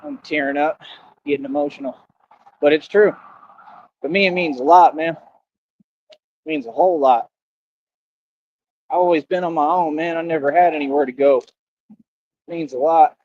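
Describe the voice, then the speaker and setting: A man with a fairly high voice talks straight to his livestream in an emphatic, slangy way, repeating points to drive them home. The sound is dry and close, with a slightly dull, lo-fi quality. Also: dry recording. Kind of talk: casual livestream monologue. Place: outdoors near a road with passing traffic.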